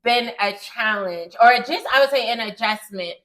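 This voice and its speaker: A woman's voice: a little high, normal speed, low-quality recording. An American woman telling stories in a casual conversation, often acting out what others said. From United States. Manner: animated storytelling, often quoting others. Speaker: guest.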